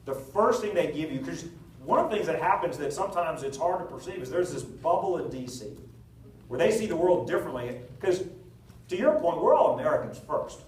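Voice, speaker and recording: A man, a political candidate, answering at a town hall meeting, telling anecdotes with jokes in a lively storytelling manner. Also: on the high side, a little fast, recorded from a distance, a little hiss or hum. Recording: echoey hall recorded from afar.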